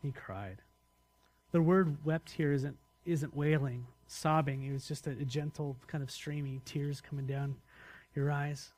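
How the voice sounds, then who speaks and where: Conversational male pastor, slightly high voice. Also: measured pace, a little mellow. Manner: conversational, asks the congregation questions. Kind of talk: sermon.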